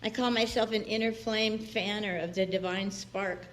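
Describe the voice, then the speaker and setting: A woman minister gives a chatty, personal sermon. Her pitch sits in the middle, and she often laughs and acts out the people she quotes. Faint room noise lingers behind her. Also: steady tone, normal speed. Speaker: guest minister. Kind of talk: conversational sermon. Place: church sanctuary.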